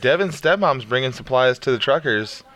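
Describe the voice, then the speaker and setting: A man co-hosting a podcast, joking crudely and slipping into quick silly voices. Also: mid-range voice, lively intonation, fairly bright tone, a little hiss or hum. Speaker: podcast co-host. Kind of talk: crude casual banter.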